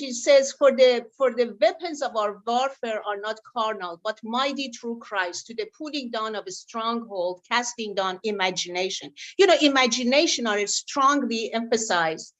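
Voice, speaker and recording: A woman evangelist on a discussion panel, quoting scripture in a lively way with hesitant fillers. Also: fairly high pitch. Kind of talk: panel comment.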